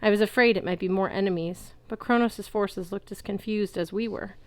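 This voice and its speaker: A woman reading a novel aloud in a lively way, belting out the characters' shouts. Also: medium pitch, fairly quick, dry recording. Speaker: audiobook reader.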